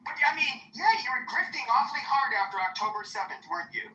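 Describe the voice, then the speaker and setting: A woman's voice: high-pitched, animated, fast talker, bright, forceful tone, muffled recording, slight background noise. A woman hosting a heated online audio room, talking in a combative, profane and taunting way. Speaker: host. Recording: roomy echo, online audio chat.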